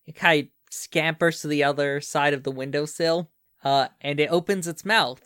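A man narrating a tabletop role-playing game as game master, in a casual, relaxed way with fillers. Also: a little high, normal speed, no room sound, studio quality.

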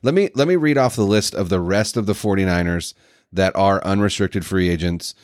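A man co-hosting a sports podcast, breaking down signings in a rambling, energetic way. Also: deep voice, a little fast, no echo, clean studio sound. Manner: energetic, rambling analysis with restarts. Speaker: podcast co-host. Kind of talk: casual sports talk.

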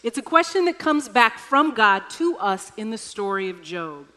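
A woman's voice: on the high side, sing-song, normal speed, pushed and bright. A woman preaching a sermon, telling a personal story with wry humor. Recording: echoey hall reverb.

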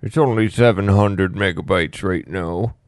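A man's voice: low voice, a little slow, no room sound, studio quality. A man co-hosting a casual podcast, chatting and joking dryly. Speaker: podcast co-host. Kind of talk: casual chat over a call.

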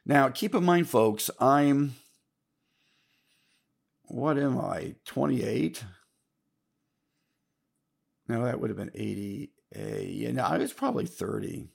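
Gravelly older man rambling to folks. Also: medium pitch, animated, slow pace, pauses often. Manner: rambling, with restarts and mild swearing; keeps addressing listeners as folks. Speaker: podcast host telling a story. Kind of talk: casual storytelling monologue.

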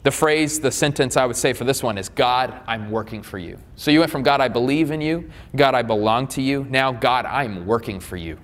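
A man's voice: mid-range voice, brisk, few pauses. A man preaching as a pastor in a conversational style, often restarting his sentences and dropping in asides to the congregation. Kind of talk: sermon. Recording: long reverb of a hall.

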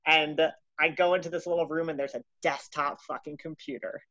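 Profane, animated woman telling a story. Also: low voice, fairly quick, no echo, dull audio. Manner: profane, animated, self-mocking. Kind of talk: casual anecdote.

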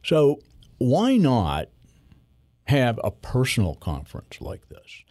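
A man's voice: mid-range voice, wildly swooping pitch, slow, a little mellow, dry recording, clean studio sound. A man in his sixties hosting a podcast in a casual, rambling way, with lots of fillers and restarts. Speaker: podcast host.

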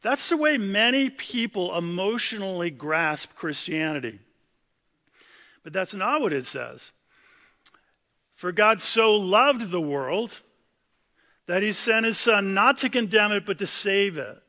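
A man's voice: high voice, expressive, takes it slowly, long pauses, pushed and bright, big-room sound. A man, a senior pastor, preaching a sermon in a conversational, plain-spoken way with casual asides to the congregation.

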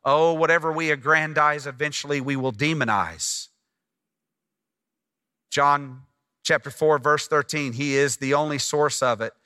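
A man preaching a sermon as pastor, animated and asking the congregation questions as he teaches. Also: fairly high pitch, a little slow, smooth.

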